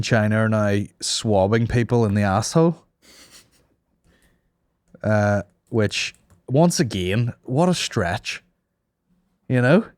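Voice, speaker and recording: A man's voice: lowish voice, no room sound, clean studio sound. A man hosting a comedy podcast, swearing a lot and laughing at his own crude jokes. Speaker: podcast host.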